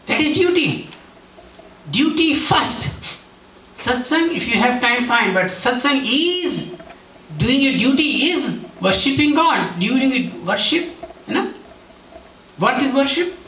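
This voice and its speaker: A man voicing an elderly male guru who gently scolds and teaches, in a raised and emphatic delivery. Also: extremely high pitch, sing-song, slow, long pauses, a little hiss or hum, pitched above the performer's own voice, full character voice. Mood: admonishing. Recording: roomy hall, mic at a distance.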